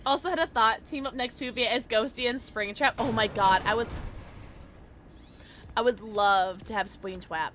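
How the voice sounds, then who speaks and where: A young woman streaming a game, bubbly and tipsy, chatting excitedly with her viewers and squealing often. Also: on the high side, normal speed, slight background noise. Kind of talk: casual live-stream chat while gaming.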